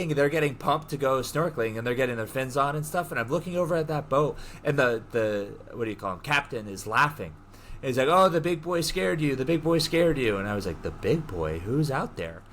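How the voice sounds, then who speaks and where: A young man co-hosting a podcast, telling a story in an animated way, laughing and swearing as he goes. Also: medium pitch, slight background noise. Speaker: podcast co-host. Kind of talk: casual storytelling chat.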